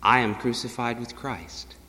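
A man preaching a sermon, swinging between loud declarations and hushed, low-pitched passages. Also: a little slow, long reverb tail.

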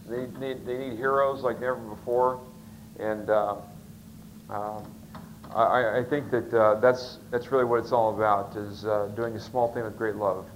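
A man's voice: medium pitch, fairly even intonation, normal speed, slight background noise, rough recording. A man preaching a sermon, telling a story in a rambling, folksy way with many fillers and restarts. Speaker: pastor.

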